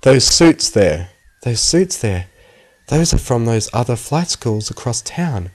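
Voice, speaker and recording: A man's voice: medium pitch, normal speed, a little mellow, pitched above the performer's own voice, natural voice. A man voicing an anxious young pony student who explains things in a rattled rush. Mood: shocked.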